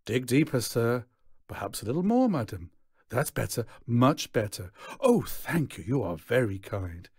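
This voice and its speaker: A man's voice: medium pitch, big pitch swings, unhurried, a little mellow, breathy edge, no echo, studio quality, full character voice. A man voicing a theatrical male showman coaxing a crowd for money, in a storybook reading.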